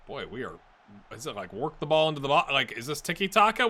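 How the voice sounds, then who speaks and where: A man giving a let's-play commentary on a football management game, getting excited and chatting to his virtual players. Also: medium pitch, brisk.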